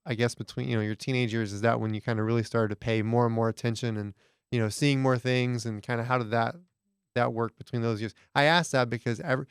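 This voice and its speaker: A man's voice: medium pitch, fairly even intonation, fast, clean tone, dry recording, studio quality. A man hosting a podcast interview who laughs often and restarts his questions as he goes. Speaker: podcast host. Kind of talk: casual interview.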